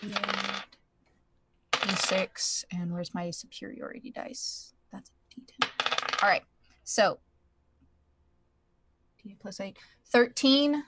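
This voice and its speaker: A woman chatting casually at a tabletop gaming table, loose, informal and quick to laugh. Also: medium pitch, expressive, heavy background noise. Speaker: player.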